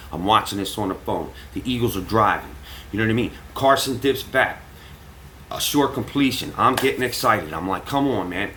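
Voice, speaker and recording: A man's voice: medium pitch, slight background noise, low-quality recording. A man telling a story casually to his viewers, cursing freely and acting out what people said. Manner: animated, profane, acts out quotes. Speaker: vlogger.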